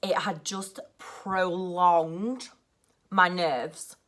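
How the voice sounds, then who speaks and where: Nervous, rushed woman vlogger. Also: fairly low pitch, fairly even intonation, fairly bright tone. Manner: rushed and nervous, heavy use of "like". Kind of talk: casual storytelling vlog.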